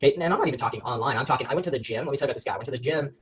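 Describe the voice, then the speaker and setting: A man's voice: mid-range voice, racing, a little hiss or hum, poor audio. A man teaching a live online marketing webinar. He talks energetically to the chat, reads out viewers' names and often repeats and restarts his phrases. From Phoenix area, USA.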